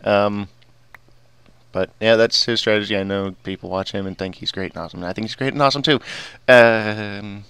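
A man's voice: on the low side, fast talker, creaky, fairly bright tone, smooth, no echo. A man giving casual, rambling gameplay commentary as host of his gaming videos, often digressing.

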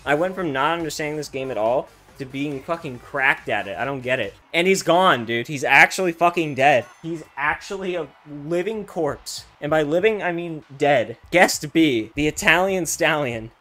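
Speaking at a moderate pace with few pauses, a young man streams a game, giving profane, easygoing commentary that veers from excited hollering to quiet muttering.

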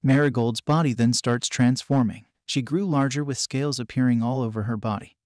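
A man reading a story as a scripted narration, in an even, unhurried way. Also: mid-range voice, no echo, studio quality. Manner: even, unhurried reading that voices punctuation aloud.

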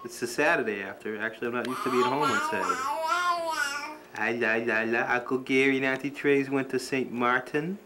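A man's voice: medium pitch, steady tone, brisk. A man, a father filming a home video, chatting to the camera and cooing to his baby. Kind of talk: casual home video narration. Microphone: camcorder microphone. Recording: hissy old camcorder tape.

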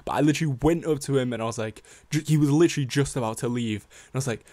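A man's voice: medium pitch, racing, dark tone, no room sound. A young man from Sheffield with a Sheffield accent, rambling casually in slangy, self-deprecating vlog chat. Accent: Sheffield English. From Sheffield, England. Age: young adult. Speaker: rapper and music producer.

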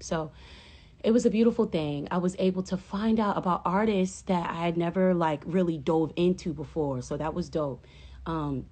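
A woman's voice: lowish voice, husky. Rambling, profane woman on a livestream. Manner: profane, rambling and animated, flaring into impassioned outbursts. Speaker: livestream host. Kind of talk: casual chat on a phone livestream. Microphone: phone.

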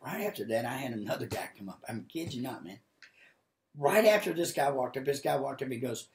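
A man preaching a sermon live from his home office, telling stories in a folksy way and rising to loud, high-pitched exhortation. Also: expressive, brisk, vocal fry, echoey room. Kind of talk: sermon with acted-out storytelling. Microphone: livestream camera mic.

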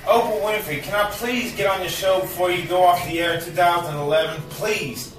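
A man ranting to the camera at home in a bitter, profane vlog, now and then bursting into shouts. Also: high voice, steady tone, brisk, reverberant, recorded from a distance, over loud music. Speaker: vlogger. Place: cluttered home, indoors.

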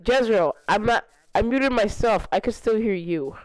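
A young man live-streaming a game with his friends, excitable and teasing, often laughing and breaking into sudden high yelps. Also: normal speed. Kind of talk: casual live-stream gaming banter.

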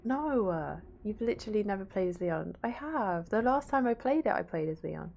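A woman's voice: mid-range voice, lively intonation, moderate pace, creaky, lo-fi sound. Chatty Yorkshire woman streaming a game. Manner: chatty, reads chat aloud, swears casually. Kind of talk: casual gaming stream chat.

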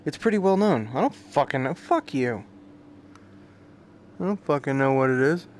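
Lively, crude-talking male streamer. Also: a little high, moderate pace, slight background noise. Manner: crude, joking, swears often, reacts loudly. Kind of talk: casual let's-play commentary, reading subtitles aloud.

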